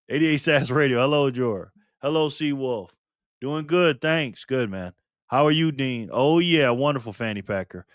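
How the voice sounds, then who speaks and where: A man's voice: a little high, clean tone, dry recording, clean studio sound. A man hosting a casual live stream, greeting viewers by name and reading chat aloud in a friendly, chatty way while recovering from illness.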